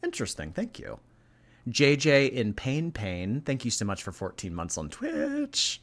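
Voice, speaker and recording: Chatty guy streamer, blunt and sweary, bright voice. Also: medium pitch, wildly swooping pitch, unhurried. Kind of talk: casual reaction stream.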